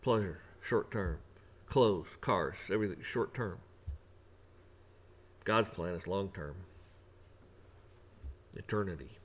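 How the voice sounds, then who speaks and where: A man's voice: sits low, takes it slowly, pauses often, slightly rough. A man delivering a preachy, rambling rant on his own vlog, repeating himself often. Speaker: vlogger.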